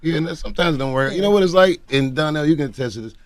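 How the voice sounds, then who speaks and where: A man's voice: a little high, very fast, no room sound. A man guesting on talk shows, telling comic stories and laughing through them while acting out other people's lines. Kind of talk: comedic storytelling in interviews. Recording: noisy television clip audio.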